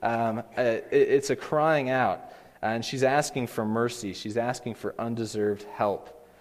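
A pastor preaches a sermon in an earnest way, building to emphatic pleas in quoted lines. His mid-range voice is unhurried with fairly even intonation. The recording carries long hall reverb.

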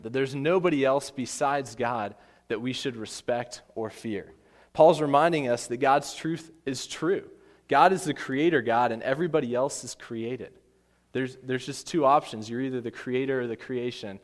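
Man preaching in a reverberant hall. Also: medium pitch. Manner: storytelling with acted voices, emphatic repetition. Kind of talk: sermon. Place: church.

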